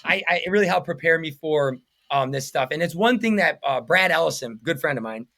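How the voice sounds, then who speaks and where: A man's voice: a little high, lively intonation, fairly quick, bright, forceful tone. A man in his thirties, a painting business owner, talking as a podcast guest in an earnest, rambling way full of fillers. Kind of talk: casual interview chat.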